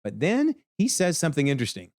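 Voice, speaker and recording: A man giving an animated TV episode breakdown, exclaiming often as he comments. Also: a little high, quick pace, no echo, studio quality. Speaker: video commentator.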